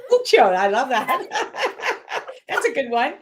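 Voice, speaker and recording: Giggly woman host asking quick questions. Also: high voice, big pitch swings, slight background noise. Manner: upbeat and giggly, firing quick quiz questions. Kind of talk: casual interview chat.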